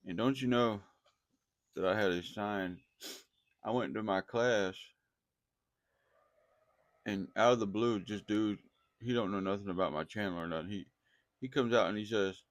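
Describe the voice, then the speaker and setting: A man who preaches casually to his viewers, animated and repeating himself as he talks straight at them. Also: on the low side, moderate pace, long pauses, no echo. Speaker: online preacher.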